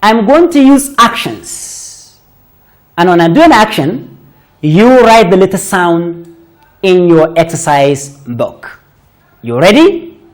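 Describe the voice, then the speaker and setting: A woman teaching a children's phonics lesson, sounding out words deliberately and praising pupils often. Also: fairly low pitch, lively intonation.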